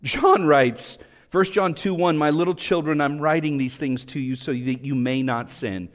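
A man preaching a sermon fervently, rising to emphatic peaks and dropping to hushed low passages. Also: normal speed. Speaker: pastor. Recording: long hall reverb.

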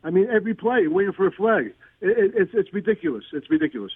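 A man's voice: high voice, lively intonation, quick pace, gravelly, breathy edge, no room sound. A man, calling a sports radio show and ranting in exasperation. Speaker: caller. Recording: tinny dry phone line.

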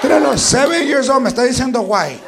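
A man's voice: high-pitched, animated, a little slow, gravelly, heavy background noise, full character voice. Man doing a scolding grandmother. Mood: threatening. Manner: scolding, threatening, mixing Spanish into English. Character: tough older Mexican grandmother scolding a grandchild. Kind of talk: stand-up comedy. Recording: loud live club with laughing crowd.

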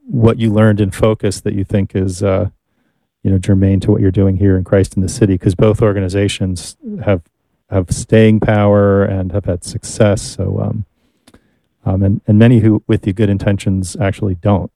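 A man hosting an interview, asking measured questions while searching for words. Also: lowish voice, gravelly, warm tone, no room sound. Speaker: interviewer host.

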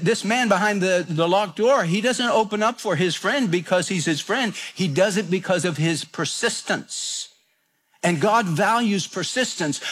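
This radio preacher has a high, fairly bright voice. His sermon is full of homespun anecdotes, and he circles back over his points with frequent restarts and repeated phrases.

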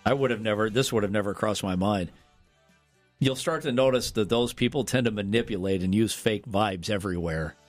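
A man's voice: on the low side, a little fast, no echo, faint music behind. A middle-aged man, a radio co-host, telling stories in blunt, wry casual banter.

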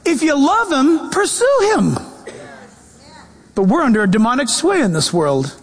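A man preaching a sermon as pastor, animated and mixing scripture with humorous quoted voices. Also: very high-pitched, a little slow. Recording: long reverb of a large hall.

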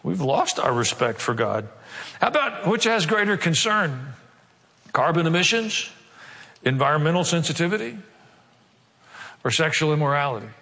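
Earnest pastor preaching in a reverberant hall. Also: male voice, on the high side, sing-song, moderate pace, pauses often, bright, forceful tone. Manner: earnest, asks the congregation rhetorical questions. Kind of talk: sermon. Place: church sanctuary.

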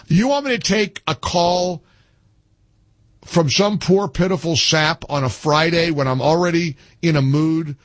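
A middle-aged man hosting call-in talk radio, animated, jokey and easily exasperated. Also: a little high, a little slow, no room sound. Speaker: radio talk show host.

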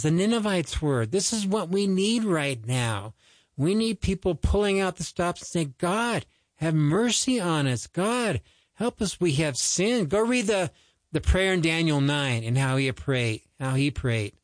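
A man's voice: high voice, no echo. A man giving an earnest, exhorting radio sermon that rises to urgent pleading. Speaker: ministry host.

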